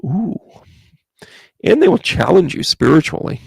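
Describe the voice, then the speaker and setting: A chatty man reads tarot cards for a live-stream audience and greets viewers by name as he talks through each card. His voice has a gravelly, creaky edge at an everyday middle pitch, and the sound is close and dry. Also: huge pitch swings, measured pace, darkish tone, no room sound. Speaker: psychic medium giving tarot readings.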